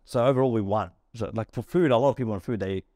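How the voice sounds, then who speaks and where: A man's voice: fairly low pitch, no echo. A man, a restaurant founder, telling stories in a casual podcast interview and acting out bits of dialogue. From Australia. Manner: rapid, animated storytelling with acted-out dialogue.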